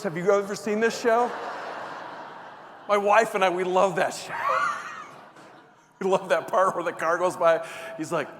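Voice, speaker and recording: On stage before a live audience, a high-pitched male motivational speaker delivers a keynote, poking fun at himself through a comic story. There is background noise, with a reverberant hall and faint ambience.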